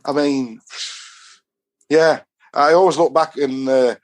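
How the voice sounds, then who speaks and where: A talkative Yorkshire man in a casual podcast chat, spinning one rambling anecdote into the next. His voice sits at an ordinary middle pitch, and he slips into the voices of the people he quotes as he goes. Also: fairly even intonation, slow. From Doncaster, England. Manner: rambling storyteller who acts out quoted dialogue. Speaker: football fan guest.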